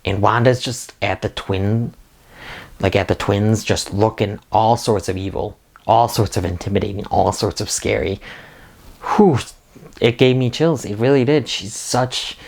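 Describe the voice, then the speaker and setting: A man's voice: lowish voice, a little slow, gravelly, darkish tone. A man hosting a casual spoiler recap and review, talking with eager enthusiasm and a lot of "like" fillers. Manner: enthusiastic, rambling with frequent "like". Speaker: video reviewer and host.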